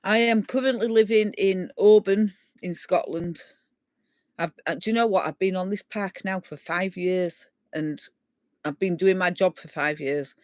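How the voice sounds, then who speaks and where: A woman's voice: lowish voice, unhurried, no room sound. Chatty Yorkshire woman rambling on a live stream. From England. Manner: rambling and chatty, laughing as she reads out comments. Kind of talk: casual live-stream chat with viewers.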